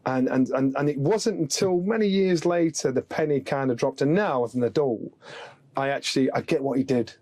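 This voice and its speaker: A man's voice: medium pitch, a little fast, no room sound. A middle-aged man from England, a guest on a podcast, telling stories in casual chat and acting out the voices of the people in them. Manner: animated storyteller, acts out quoted voices. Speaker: podcast guest, former boxing world champion.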